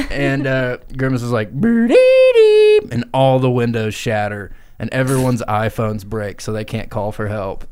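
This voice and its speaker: A man's voice: mid-range voice, darkish tone, smooth. A man on a comedy podcast improvising a crude absurd story, laughing and throwing in silly noises. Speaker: podcast co-host.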